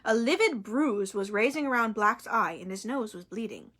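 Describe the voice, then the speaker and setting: A woman reading a novel aloud in an expressive, dramatic way. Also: on the high side, moderate pace.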